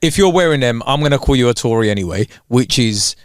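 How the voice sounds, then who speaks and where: A man's voice: medium pitch, fast, clean tone, dry recording, clean studio sound. A young man, co-hosting a casual podcast chat and ranting with mocking asides. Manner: animated ranting, mocking voices in quotes. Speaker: podcast co-host.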